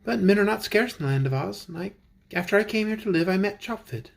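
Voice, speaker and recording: A man's voice: high voice, lively intonation, fast talker, gravelly, voice pushed up, full character voice. A man voicing a young woman who speaks in a cool, politely amused way.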